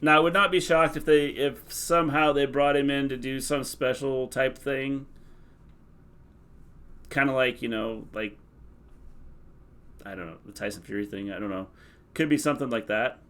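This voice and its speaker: A man co-hosting a casual livestream, speaking at a middling pitch. He weighs things up in a measured way and hedges his opinions instead of stating them flat out. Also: clear, resonant tone. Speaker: co-host of a wrestling recap stream.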